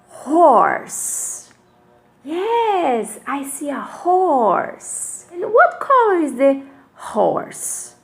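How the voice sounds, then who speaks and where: A woman's voice: high voice, vocal fry. A woman teaching English to kindergarten children in an online class, speaking in an exaggerated, sing-song way and asking them many questions.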